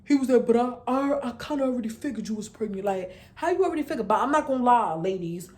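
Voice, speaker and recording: A young woman in her twenties with a New York accent tells a personal story to her viewers. She talks casually and with lots of slang, and she acts out the lines she quotes. Her voice sits somewhat high. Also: expressive, fast, darkish tone. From New York City. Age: 20s. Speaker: vlogger.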